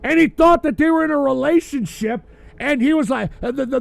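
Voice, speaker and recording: A tipsy man hosting a call-in livestream, ranting loudly and profanely. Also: extremely high pitch, brisk, creaky. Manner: loud, profane, rambling rant. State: drinking, tipsy. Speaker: host of a call-in livestream show.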